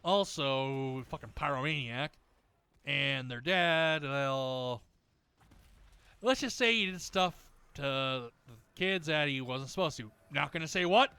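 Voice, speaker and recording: A man's voice: a little high, slow, sharp tone, clean tone, no echo. A man chatting casually while playing a video game, ranting at length with heavy swearing and rambling restarts. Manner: rambling, many restarts and fillers. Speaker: gaming video creator. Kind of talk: casual chat over gameplay.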